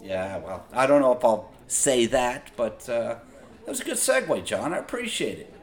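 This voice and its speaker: A man's voice: mid-range voice, sing-song, normal speed. A man hosting a podcast, talking in a casual, profane monologue full of exasperated gripes. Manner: profane, ranting, exasperated storytelling. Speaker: podcast host.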